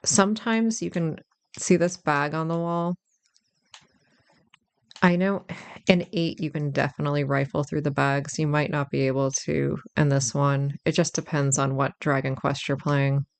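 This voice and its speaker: Creaky, chatty let's-play commentator. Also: medium pitch, flat delivery, normal speed, dry recording. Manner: chatty, self-deprecating, thinking aloud. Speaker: gameplay commentator.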